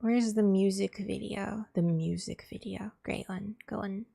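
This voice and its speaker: A woman's voice: medium pitch, fairly even intonation, a little slow, gravelly, mellow, breathy edge. A woman streaming live, chatting casually and exasperatedly with her viewers in a rambling way. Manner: exasperated, rambling, talks to chat.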